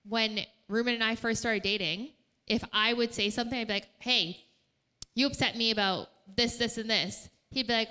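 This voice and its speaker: A woman co-leading a relaxed talk at a church night. Her voice is bright and clear-edged, and she explains things earnestly, step by step. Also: a little high, normal speed. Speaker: co-presenter. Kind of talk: casual teaching talk on stage.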